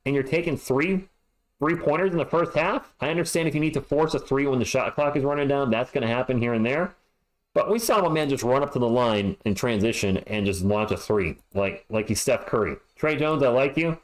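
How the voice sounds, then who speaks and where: A man's voice: medium pitch, expressive, brisk, poor audio. Guy running a fan livestream, sarcastic and fed up, voice jumping all over while he reads stats and chat. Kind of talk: halftime stats talk with live chat.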